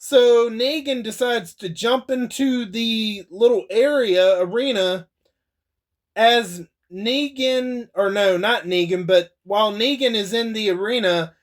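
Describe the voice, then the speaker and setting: A man's voice: sits high, takes it slowly. A young man casually recapping a TV episode, loose and swearing, laughing as he goes. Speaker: TV episode reviewer.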